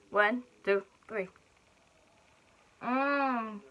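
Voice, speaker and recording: A woman's voice: fairly high pitch, expressive, slow pace, long pauses, fairly bright tone. A young woman chatting casually between bites in a home eating vlog, bubbly and chatty, in a small bedroom. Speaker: mukbang vlogger.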